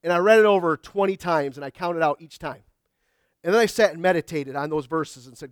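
High-voiced man preaching in a dry room. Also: quick pace, smooth, no room sound. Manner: conversational preaching with homey jokes and acted asides. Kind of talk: sermon.

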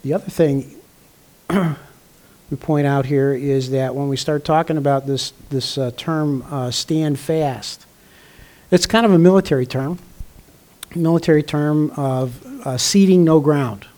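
An older man, a pastor, delivering a conversational sermon with frequent throat clearing and fillers. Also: a little high, measured pace, warm tone.

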